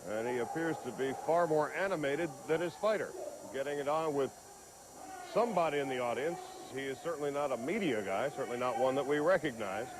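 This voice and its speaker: A man at an ordinary pitch reports live for sports news. His commentary is measured and informative, with a slightly wry edge. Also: noisy background.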